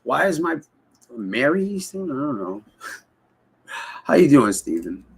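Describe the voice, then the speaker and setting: Slow-talking, gravelly livestream host, a man who rambles, swears a lot and chats with viewers. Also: medium pitch, very animated. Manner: rambling, heavy swearing, talks straight to the chat. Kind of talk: casual livestream chat with viewers.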